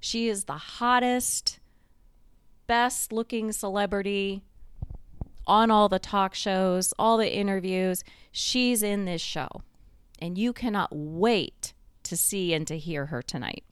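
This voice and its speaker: A woman's voice: mid-range voice, slow pace, clean tone, no echo, studio quality. A woman host telling a guided second-person story in a conversational way, drawing the listener into the scene.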